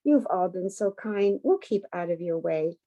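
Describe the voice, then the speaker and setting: A woman voicing a big, gentle mother fox pleading softly in a picture-book reading. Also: fairly low pitch, lively intonation, a little slow, lo-fi sound.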